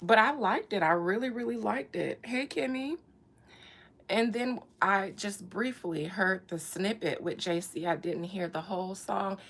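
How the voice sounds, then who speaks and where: A woman's voice: medium pitch, a little slow, fairly bright tone. A woman vlogger in casual chat, joking playfully and laughing often.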